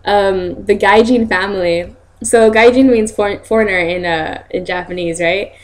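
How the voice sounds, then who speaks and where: Chatty laughing young woman vlogger. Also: normal speed. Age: young adult. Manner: chatty, laughs often, acts out quotes in high voices. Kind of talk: casual storytelling vlog.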